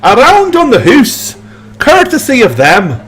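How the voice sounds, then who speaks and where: A man's voice: wildly swooping pitch, measured pace, fairly bright tone, heavily acted. A man voicing a proud, jovial older Scottish clansman with a hearty, rolling Scottish accent. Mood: boisterous. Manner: hearty, booming toasts, rolling brogue.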